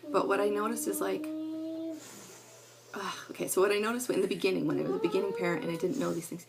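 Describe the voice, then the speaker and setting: A woman's voice: medium pitch, fast talker, creaky, pauses often. A middle-aged woman talking casually to camera at home, rambling and earnest with lots of fillers. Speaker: parenting vlogger.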